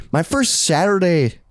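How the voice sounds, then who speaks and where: A man's voice: high-pitched, sing-song, slow pace, no room sound, studio quality. A man in his late twenties, co-hosting a podcast in casual chat, blunt and profane, laughing often. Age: 20s. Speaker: podcast co-host.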